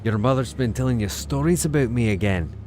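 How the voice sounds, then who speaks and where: A man putting on a rough Scottish accent to quote a gruff warrior from a film, half-joking. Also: medium pitch, expressive, brisk, noisy background, voice pushed up, lightly acted. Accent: Scottish, put on.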